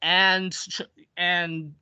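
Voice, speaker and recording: A man's voice: high-pitched, level tone, very slow, sharp tone, clear, resonant tone, no echo, dull audio. A man casually retelling a long story on a podcast, rambling with restarts and acted-out quotes. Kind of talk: casual wrestling history chat.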